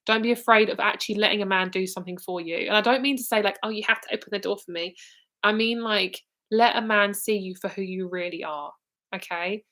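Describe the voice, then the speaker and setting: This psychic reader, a British woman in her twenties, talks a little fast in a steady, sharp-toned, medium-pitched voice. Her live reading is casual and wandering, with plenty of fillers, restarts and swearing.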